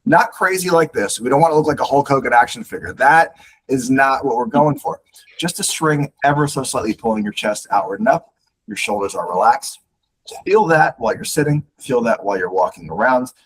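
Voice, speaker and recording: Man, guest coach, instructive, lively intonation, faint low rumble. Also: a little fast, poor audio. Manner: animated, instructive, repeats words when starting sentences. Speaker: guest speaker on leadership. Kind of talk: podcast interview, coaching advice.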